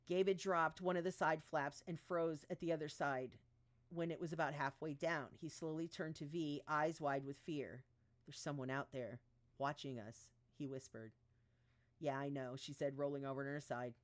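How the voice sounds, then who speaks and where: Woman, low voice, reads her own novel aloud on a live stream, lightly voicing the characters, stumbles and corrects herself. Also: steady tone, normal speed. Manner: reads dialogue with small voice shifts, stumbles and restarts, laughs at her own asides. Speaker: author reading her own book aloud. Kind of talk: live-streamed book reading.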